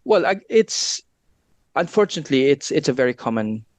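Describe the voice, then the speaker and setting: A man's voice: mid-range voice, big pitch swings, moderate pace, no echo. A man, a guest researcher, explaining his ideas earnestly and at length in an interview. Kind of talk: academic interview chat.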